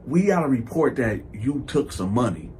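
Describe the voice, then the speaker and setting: A man voicing a calm, stern male church usher who talks quietly and firmly. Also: medium pitch, moderate pace, slight background noise, voice pushed down, natural voice.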